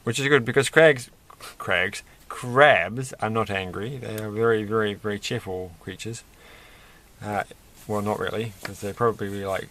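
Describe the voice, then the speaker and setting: A man's voice: fairly low pitch, moderate pace, a bit bright, a little hiss or hum. A man hosting a casual toy-building video, rambling and chatty with self-deprecating asides. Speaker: host.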